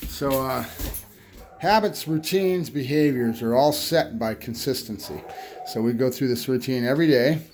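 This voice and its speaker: A man's voice: medium pitch, moderate pace, darkish tone, a little hiss or hum. Chatty male dog trainer explaining routines. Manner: chatty, gives short firm commands to a dog. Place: home and yard, moving between in and out of doors.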